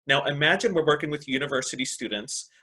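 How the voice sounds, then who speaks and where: An upbeat man presenting a teacher webinar on a video call, with a bright, forceful voice. He keeps checking in with his listeners and praising their answers as he talks through a computer mic. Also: a little high, fast. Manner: upbeat, repeats "excellent" and "right?" often. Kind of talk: online teacher training webinar.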